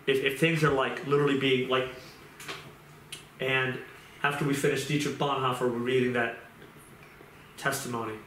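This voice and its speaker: A man's voice: mid-range voice, flat delivery, normal speed, pauses often, fairly bright tone, slight background noise. A man giving an informal sermon in a conversational way, repeating phrases and restarting sentences as he goes. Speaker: pastor. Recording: roomy echo.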